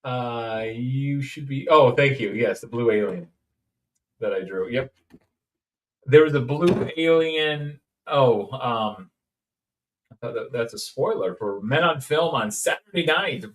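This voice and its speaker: Man, rambling and jokey, mid-pitched voice, mic some distance off. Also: slow pace. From Indiana, USA. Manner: rambling, jokey, sings snippets. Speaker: toy-collecting streamer. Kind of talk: casual unboxing chat.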